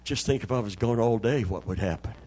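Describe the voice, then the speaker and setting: A man's voice: lowish voice, brisk, a little mellow. An older man, a pastor preaching a Pentecostal sermon in a church, joking in a folksy way and calling on the congregation for amens.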